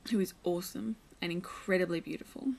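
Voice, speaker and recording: A woman's voice: fairly low pitch, steady tone, fast talker, creaky, a little mellow, rough recording. A young woman vlogging at home, chatting casually as she shows and reads from a children's picture book, full of playful asides.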